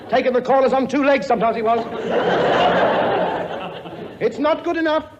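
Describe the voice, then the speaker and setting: A pompous king bellows and grumbles in a high, swooping voice full of sarcastic bluster. It sounds like an old, dull broadcast recording. A studio audience laughs loudly behind him. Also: heavy background noise, heavily acted. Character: blustering pompous male king, bossy and weary. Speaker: lead comic actor. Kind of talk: 1950s radio comedy acting.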